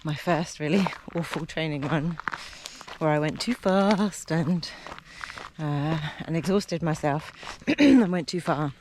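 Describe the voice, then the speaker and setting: A woman's voice: deep voice, slow pace, a little mellow, a little hiss or hum. A woman in her fifties, chatty and casual, vlogging outdoors by a lake and talking to a handheld camera while out on a training run, at times out of breath. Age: 50s. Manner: chatty, talks between breaths while running. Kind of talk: casual vlog while out running. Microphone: handheld camera while running.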